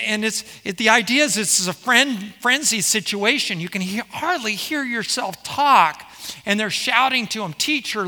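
A man's voice: sits high, bright, forceful tone, in a large hall. A man preaching a sermon as pastor, explaining scripture and asking the congregation rhetorical questions.

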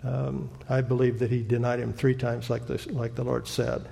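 A man preaching a sermon as pastor, with a halting, reflective delivery. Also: medium pitch, monotone, gravelly, warm tone. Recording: long church-hall reverb.

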